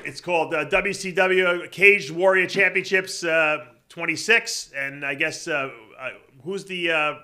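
A man's voice: fairly high pitch, a little slow, bright, forceful tone. A man hosting a podcast, chatting casually and reassuring his guest, with lots of "you know". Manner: talkative, reassuring, fond of fillers like "you know". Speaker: podcast host. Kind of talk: casual chat, interviewing.

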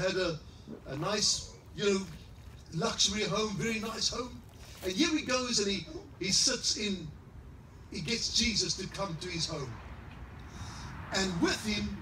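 A middle-aged man preaching a sermon as pastor, fiery at times and rising into shouted, sing-song exclamations. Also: high-pitched, a little hiss or hum. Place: church service in a large greenhouse hall. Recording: echoey hall, mic at a distance.

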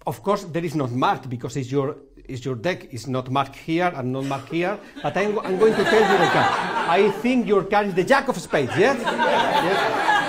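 Spanish-accented man, high animated voice, joking magician patter, laughs a lot. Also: moderate pace, a loud crowd, very noisy. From Spain. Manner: playful, laughing often, broken English. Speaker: magician performing for an audience. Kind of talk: live comedic magic show patter.

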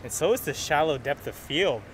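A man with a somewhat high voice, chatty and playful as he vlogs into a lavalier mic. He talks casually and explains things as he goes. A faint hiss of noise sits under his voice. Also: lively intonation, moderate pace. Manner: chatty and playful, demonstrating gear. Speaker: vlogger. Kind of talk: casual vlog chat. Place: outdoors at a car wash.

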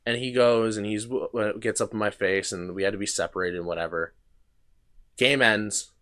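A man's voice: lowish voice, steady tone, normal speed, fairly bright tone. A young man hosting a podcast, telling a long casual story with restarts, fillers and swearing. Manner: rambling anecdotes with frequent restarts and swearing. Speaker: podcast host.

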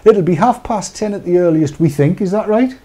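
A man's voice: sits high, a little fast. A man co-hosting a live-streamed talk show, chatty and joking with asides. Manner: jokey, chatty, animated asides. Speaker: co-host of a vaping talk show. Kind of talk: casual live-stream chat.

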